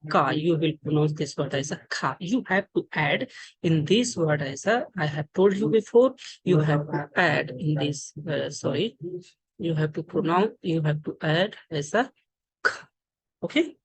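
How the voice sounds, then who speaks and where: A woman's voice: low-pitched, rough recording. An Indian woman who teaches English, with an Indian accent, explaining pronunciation in an online lesson with many fillers and restarts. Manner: halting, many fillers and restarts, repeats words. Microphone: screen-share recording.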